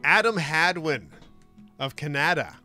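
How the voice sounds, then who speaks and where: A man hosting a sports talk show, telling stories in a lively, casual way. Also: fairly high pitch, unhurried, faint music behind. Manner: animated storytelling with laughs.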